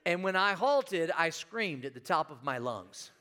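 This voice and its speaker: A man's voice: fairly high pitch, big pitch swings, measured pace, bright, forceful tone. A middle-aged man preaching a sermon in church, telling a funny story and putting questions to the congregation. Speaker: pastor. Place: church sanctuary.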